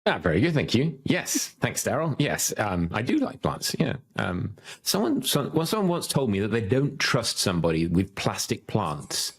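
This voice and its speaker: Deep husky musing male co-host. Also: big pitch swings, moderate pace, few pauses. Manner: hesitant, musing, many fillers. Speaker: podcast co-host. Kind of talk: casual chat.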